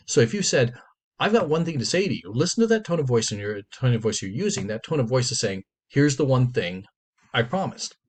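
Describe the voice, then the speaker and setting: A male teacher explains a writing rule to his class in an easy, conversational lecture. He leans hard on the points he cares about and comes back to them more than once. His voice sits at an ordinary pitch for a man. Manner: emphatic, conversational, stresses key points and repeats them.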